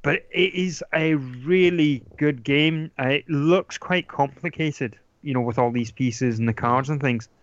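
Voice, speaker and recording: A man's voice: on the high side, measured pace, hardly any pauses. A man chatting casually about board games, rambling with lots of ums and restarts. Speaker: podcast guest talking board games. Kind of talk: casual chat. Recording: dull lo-fi dry sound.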